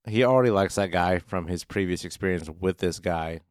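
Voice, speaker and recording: This co-host of a fantasy football podcast has a low, smooth voice and speaks fairly quickly. His casual sports talk is loose and a bit profane, full of comparisons to the workplace. There's no room sound, and the audio is studio quality.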